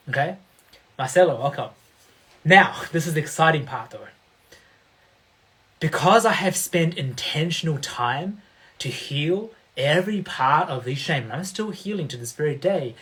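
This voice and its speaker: Male coach, slightly high voice, emphatic and motivational, livestream host who keeps checking in with his audience. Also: fairly bright tone.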